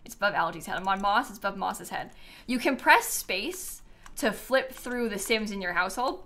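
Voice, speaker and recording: A woman's voice: mid-range voice, lively intonation, normal speed, bright, forceful tone. A young woman streaming a life-sim game live, chatting casually and rambling with many fillers. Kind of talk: casual gameplay commentary.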